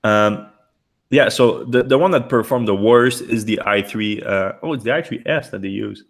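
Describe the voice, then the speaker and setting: A man hosting a casual podcast chat, slightly hoarse from being a little sick and talking in halting bursts with many restarts. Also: on the low side. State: losing his voice, a little sick. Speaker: podcast host.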